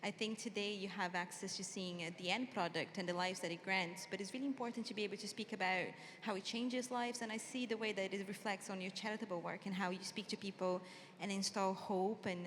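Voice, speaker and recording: A woman's voice: medium pitch, steady tone, fast talker, fairly bright tone. A woman from Brazil interviewing a guest on a festival stage, asking long, effusive questions. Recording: long hall reverb, faint noise.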